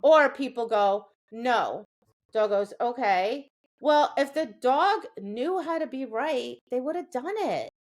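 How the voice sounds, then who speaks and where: A woman's voice: sits high, expressive, a little slow, few pauses. A woman dog trainer co-hosting a podcast, explaining training in a chatty way and often checking in with "right?". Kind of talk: casual podcast chat.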